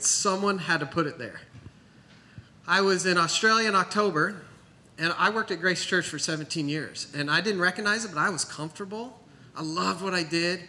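Male preacher, storytelling testimony, tense bright tone, slightly high. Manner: storytelling, conversational, quotes others. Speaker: church planter pastor. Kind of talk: sermon testimony.

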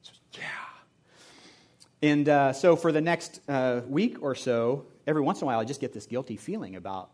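A middle-aged male pastor from Indianapolis delivers a sermon in a relaxed, storytelling manner. His mid-range voice often sinks to a quiet, hushed level, with plenty of fillers along the way. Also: mid-range voice, moderate pace. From Indianapolis, USA. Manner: conversational storytelling, often dropping to a soft, hushed tone.

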